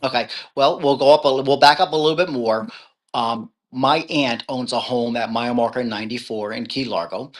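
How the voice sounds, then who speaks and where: A male author on a video call, telling his story with big swings from hushed to loud and frequent laughter. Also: medium pitch. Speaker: author guest. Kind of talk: animated storytelling in an interview.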